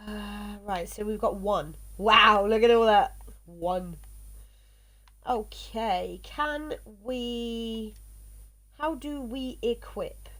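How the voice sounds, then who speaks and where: A tired, yawning woman from South West England speaks extremely slowly in a mid-range, slightly bright voice. She's streaming a game live, chatting casually and rambling with fillers and laughs.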